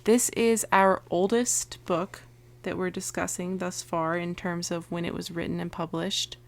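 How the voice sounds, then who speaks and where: A young woman co-hosts a podcast, chatting casually about books. Her voice sits a little low for a woman, and she talks with plenty of fillers and quick laughs. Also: level tone. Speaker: podcast co-host.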